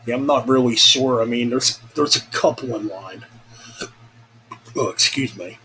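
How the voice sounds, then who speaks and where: A man's voice: mid-range voice, a little slow, pauses often, pushed and bright, low-quality recording. Young man, casual vlog, rambling, swearing, restarts mid-sentence, faint noise behind. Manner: rambling, profane, self-correcting. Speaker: vlogger. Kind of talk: casual chat.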